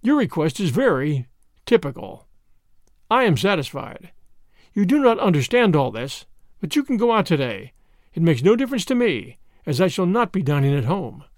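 Brief: man doing a cold, scornful schemer lady in a storybook reading, high and lilting, dry sound. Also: normal speed, no room sound. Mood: cool. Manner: calm, mocking, coolly superior. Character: cool, scornful, scheming society woman.

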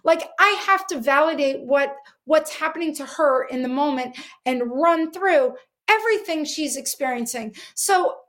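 A woman's voice: high voice, animated, normal speed, hardly any pauses, a bit bright. A middle-aged woman dog trainer explaining things earnestly in an interview, with many fillers. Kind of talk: interview answers.

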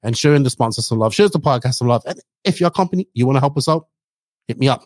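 A man hosting a podcast in casual, rambling chat full of fillers and shout-outs. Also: mid-range voice, lively intonation, very fast, dry recording. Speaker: podcast host.

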